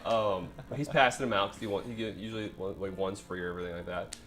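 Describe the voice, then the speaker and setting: A man's voice: low-pitched, fairly bright tone, faint music behind. A young man as a podcast guest, telling a story in casual chat with frequent ums and uhs. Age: young adult. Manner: rapid talker, many ums and uhs.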